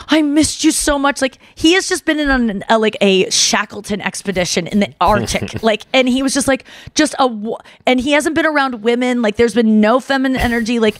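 Chatty woman podcaster, kinda high voice, tells stories super animated w lots of "like", dry close sound. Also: moderate pace, hardly any pauses, dry recording. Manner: animated, filler-heavy, acts out others' voices. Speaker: podcast host. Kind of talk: casual storytelling chat.

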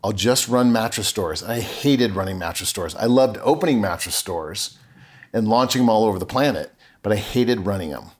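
A man's voice: on the low side, lively intonation, fairly quick, darkish tone. A middle-aged man talking as a podcast guest, telling a personal story earnestly and acting out remembered conversations. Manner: earnest, acts out remembered dialogue.

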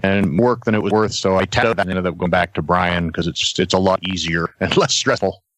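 A man, a guest on a podcast, telling a backstage anecdote in a casual, animated way and laughing as he goes. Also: sits low, brisk, no room sound. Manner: animated storyteller, laughs between lines, acts out other voices. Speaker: guest, former wrestler.

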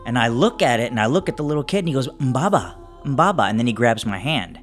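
A man playing a tabletop role-playing game, narrating his character's actions in a halting way with many restarts. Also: mid-range voice, expressive, faint music behind. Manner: halting, many restarts while describing scenes. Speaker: player.

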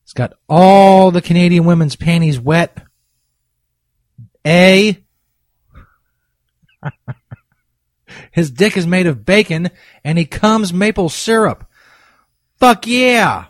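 A man's voice: high voice, slow, long pauses, dry recording. A man hosting a comedy podcast, ranting profanely in exasperation and reading sponsor ads. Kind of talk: comedic rant and ad reads.

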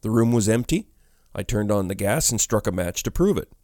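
Low-voiced male ghost-story narrator. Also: dry recording, studio quality. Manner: measured, expressive storytelling.

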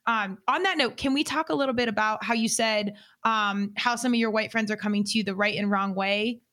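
Higher-voiced woman podcast host. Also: fairly quick, a bit bright. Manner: supportive listener, frequent short agreements. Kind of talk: conversational interview.

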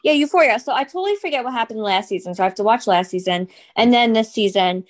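A woman co-hosting a casual gossip podcast, throwing in quick reactions and chatting about TV shows. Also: fairly high pitch, lively intonation. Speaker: podcast co-host.

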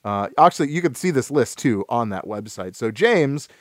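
A man hosting a casual gaming podcast, who talks in a halting, rambling way with many restarts and fillers. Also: medium pitch, lively intonation, no room sound, studio quality. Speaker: podcast host.

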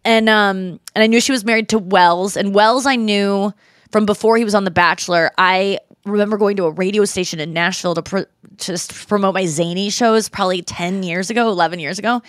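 A woman hosting a podcast, chatting casually and telling lively stories, mimicking other people's voices in quotes. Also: medium pitch, fairly quick, no echo, clean studio sound. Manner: animated storyteller who mimics voices in quotes. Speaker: podcast host. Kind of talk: casual chat.

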